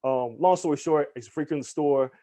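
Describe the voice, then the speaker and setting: A man guesting on a podcast interview, telling stories in an animated, casual way, acting out the people he quotes and swearing freely. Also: fairly high pitch, normal speed. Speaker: guest, hip hop journalist.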